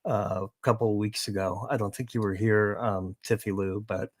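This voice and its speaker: A man co-hosting and producing a true-crime live show, in a casual chat with relaxed talk, lots of fillers and laughter. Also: lowish voice, moderate pace.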